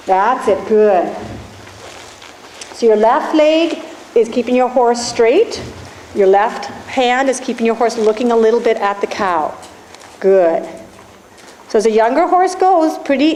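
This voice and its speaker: A woman with a fairly high voice coaches riders live, giving steady directions and encouragement. She is recorded in an echoey indoor arena with faint background noise. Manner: encouraging, directive, talks through instructions. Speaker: riding instructor. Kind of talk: live coaching during a riding lesson.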